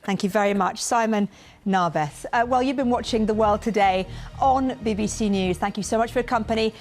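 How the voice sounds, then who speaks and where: A woman with a medium-pitched voice speaks a little fast over soft background music. She's presenting live news from a studio, cracking playful jokes with her colleagues between stories, talking into a presenter's mic with an earpiece in her ear.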